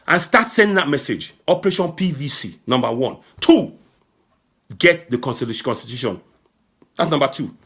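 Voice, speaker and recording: A man giving an impassioned political address to his audience, fervent and repetitive, sometimes shouting. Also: high voice, slightly rough. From Nigeria. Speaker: political broadcaster.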